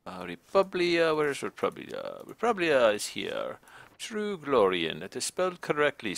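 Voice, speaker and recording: A man commentating his game live, addressing each traveler with stiff, formal inspector phrasing. His pitch swings widely and his tone is bright and forceful. The sound is close and dry. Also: no echo. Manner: stiff, formal role-play as a border inspector. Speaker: game streamer.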